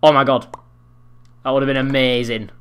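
A sixteen-year-old boy doing excitable, foul-mouthed gameplay commentary, trash-talking other players. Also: mid-range voice, normal speed, clean tone. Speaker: gaming commentator.

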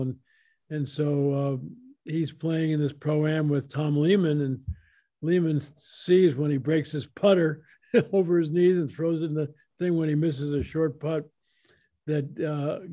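An older man tells a story in a relaxed, folksy way, slipping into quoted back-and-forth dialogue. His voice sits a little high for a man but sounds dark and mellow. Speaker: author guest. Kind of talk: casual storytelling interview.

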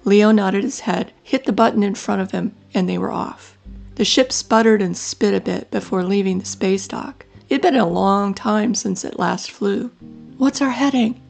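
A woman narrating a children's story in a gentle, measured storytelling manner. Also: medium pitch, gravelly, soft background music.

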